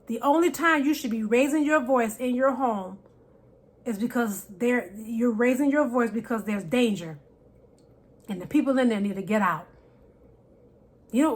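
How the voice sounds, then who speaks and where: A woman giving faith-based marriage advice to women, emphatic and preacherly, repeating key phrases and dropping from loud to soft. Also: a little high. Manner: preacherly, quotes scripture, shifts loud to soft.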